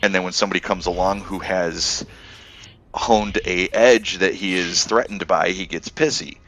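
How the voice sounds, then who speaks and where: A man's voice: moderate pace, fairly bright tone, rough recording. A man chatting casually on a gaming stream, reflective and profane. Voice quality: profane, reflective, quotes others in high mocking voices. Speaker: gamer on a voice chat stream. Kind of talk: casual chat about a space game.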